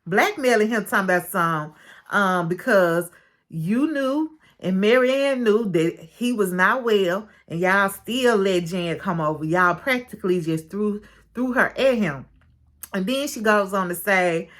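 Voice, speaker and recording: A woman casually recapping a show's episode, chatty and expressive, acting out what each person said. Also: medium pitch, a little slow. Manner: chatty and expressive, calls listener "baby"; retells scenes with quoted dialogue. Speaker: show recap reviewer.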